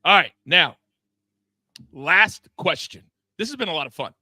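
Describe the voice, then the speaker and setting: Bright, animated male betting-show host. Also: high voice, unhurried, dry recording. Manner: lively, teasing banter with co-hosts and chat. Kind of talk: live sports betting show.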